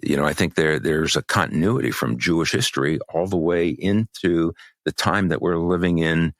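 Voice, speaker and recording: Deep-voiced man co-hosting a podcast. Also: dry recording. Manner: measured, halting, many restarts and fillers. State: losing his voice. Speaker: podcast co-host. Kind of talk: podcast conversation.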